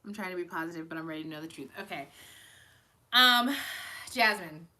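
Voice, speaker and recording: A woman's voice: lowish voice, lively intonation, brisk, bright, forceful tone. A young woman giving casual, emotional tarot readings to viewers on a live stream, chatting and laughing as she goes.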